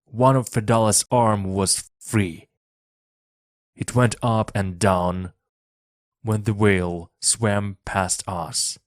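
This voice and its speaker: Man reading a story for learners, really slow and measured, low voice, dry close mic. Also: steady tone, no room sound. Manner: plain, measured sentence-by-sentence reading. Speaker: reader.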